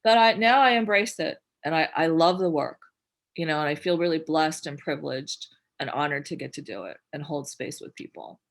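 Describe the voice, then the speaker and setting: A woman's voice: low voice, normal speed. Blunt, foul-mouthed woman telling stories. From Newark, New Jersey, USA. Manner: blunt, swears freely, animated storytelling with voiced quotes. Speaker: filmmaker guest. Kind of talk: candid interview conversation.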